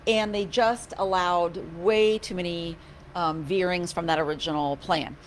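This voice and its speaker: At a measured pace and in a lowish voice, a county commissioner chats informally during office hours from her office. The talk is loose and lively, with frequent restarts and a mildly sarcastic, wry tone. A faint hum underlies the recording.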